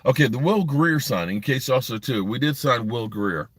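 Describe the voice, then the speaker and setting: A man's voice: mid-range voice, expressive, normal speed, no room sound. A man hosting a sports podcast live stream from a parked driveway, talking bluntly and rambling while reading comments from his chat.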